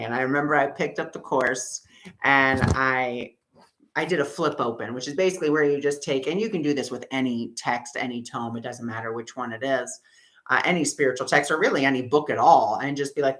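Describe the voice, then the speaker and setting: A man hosting a spiritual workshop, teaching through an animated personal story in which he acts out his own past outbursts. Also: on the high side, normal speed, poor audio.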